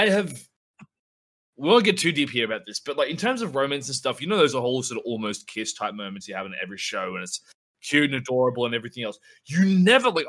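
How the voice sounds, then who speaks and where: A man co-hosting a podcast in casual chat, excitable and rambling, swearing a lot as he talks. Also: medium pitch. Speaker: podcast co-host.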